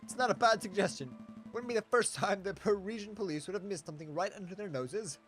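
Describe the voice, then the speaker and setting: A man's voice: sits high, fast talker, a bit bright, faint music behind. A man voicing a dignified male lawyer in a detective game, dry and formal.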